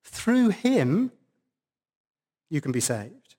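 A man's voice: on the high side, very animated, extremely slow, dark tone. A man preaching a sermon at a church service, stressing key words for emphasis.

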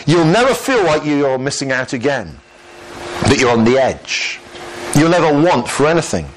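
A man preaches a sermon, and his pitch rises and falls a great deal as he talks. He sounds conversational, drops in light humour and keeps putting questions to his congregation. Faint background noise sits under his voice. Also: very animated, moderate pace, rough recording. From Lancashire, England.

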